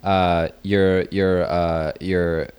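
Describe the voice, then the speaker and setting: A man's voice: low voice, little pitch movement, very slow, a little mellow, smooth. A man co-hosting a podcast at home, chatting casually and explaining things with stumbling restarts. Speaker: podcast co-host. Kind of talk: casual chat.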